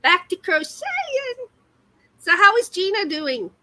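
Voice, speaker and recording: A woman's voice: very high voice, wildly swooping pitch, a little slow, bright, forceful tone, dry recording, poor audio. A woman, hosting a casual livestream chat while crocheting, giggly and self-deprecating. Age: 50s. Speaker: livestream host.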